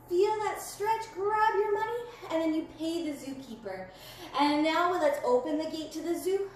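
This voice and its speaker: A woman teaching a family yoga class, giving gentle, playful step-by-step instructions to children. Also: high-pitched. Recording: very echoey room, faint background noise.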